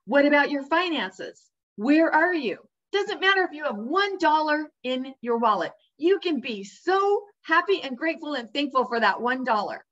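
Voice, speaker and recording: A woman's voice: sits high, very animated, normal speed, a bit bright. A woman speaking directly to the viewer in a motivational talk, upbeat and emphatic, coaching the listener along. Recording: dull lo-fi sound.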